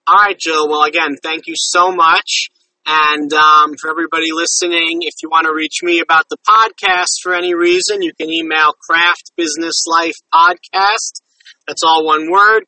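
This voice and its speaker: A man's voice: on the high side, sharp tone, dry recording, far from the mic, low-quality recording. A man hosting a podcast, talking in a friendly, rambling, slightly apologetic way. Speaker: podcast host. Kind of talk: casual interview chat.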